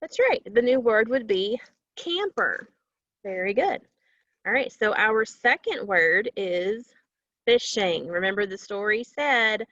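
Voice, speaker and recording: A woman teaching a phonics lesson to young children, slowly stretching out sounds and syllables. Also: on the high side, expressive, a bit bright, no echo, highs cut off.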